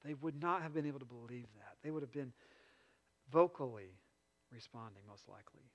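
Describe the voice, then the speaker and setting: A man preaching a sermon, retelling a story with lively swings between loud passages and quiet asides. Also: mid-range voice, a little fast, dull audio. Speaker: pastor. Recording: long reverb in a large hall.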